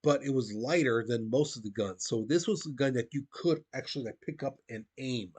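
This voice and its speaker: A man's voice: medium pitch, brisk, darkish tone, breathy edge. A male history teacher giving a casual, conversational classroom lecture, talking to his students as "guys". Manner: conversational, addresses listeners as "guys", frequent restarts.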